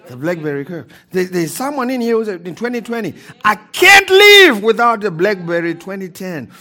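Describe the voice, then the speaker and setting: A man preaching a sermon in a church, repeating key phrases and calling for amens. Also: high-pitched. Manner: calls for amens from the congregation. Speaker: pastor.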